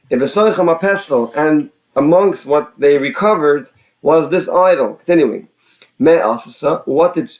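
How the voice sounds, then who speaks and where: A Torah teacher with a slightly high, somewhat mellow voice reads Hebrew phrases from a religious text and translates each into casual English. He often repeats words and restarts.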